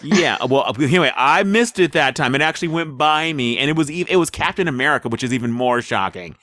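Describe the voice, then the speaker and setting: His voice is fairly high, bright and forceful, expressive and quick-paced, with no echo. He's a podcast co-host casually reviewing a movie trailer, rambling with many fillers and restarts.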